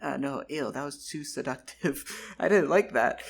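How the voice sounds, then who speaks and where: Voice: medium pitch, moderate pace, creaky, husky. A vlogger telling a rambling improvised story at home, giggling, swearing and restarting sentences.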